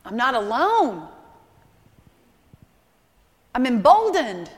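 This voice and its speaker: Woman in her thirties, sermon, high voice, emotional, repeats phrases, long hall reverb. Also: big pitch swings, drawn-out words. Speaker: speaker at a church service. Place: large church hall.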